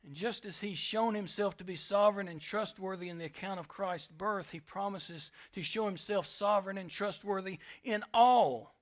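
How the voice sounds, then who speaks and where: A man preaching a sermon with passion, swinging between loud declarations and hushed asides. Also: sits high, normal speed, few pauses. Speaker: pastor.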